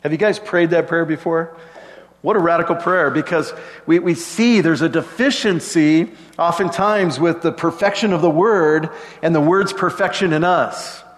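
A middle-aged man preaching a sermon in a relaxed, conversational way, dropping joking asides to the congregation. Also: a little high, moderate pace, big-room sound. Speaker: pastor.

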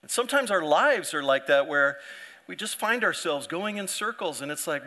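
Bright-voiced male pastor preaching casually. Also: a little high, animated, normal speed. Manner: conversational preaching, acts out quoted voices, frequent restarts. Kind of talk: sermon.

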